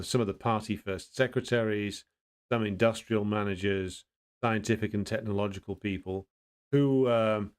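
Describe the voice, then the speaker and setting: A man hosting a casual livestream, greeting viewers and answering their comments in a blunt, opinionated way, pausing often to think and restarting his sentences. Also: fairly low pitch. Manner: thinks aloud with frequent pauses and restarts. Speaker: livestream host.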